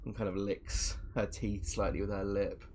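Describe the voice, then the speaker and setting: A man's voice: on the low side, little pitch movement, normal speed, a little mellow, slight background noise. A man narrating a tabletop game as game master, in a casual, filler-heavy way.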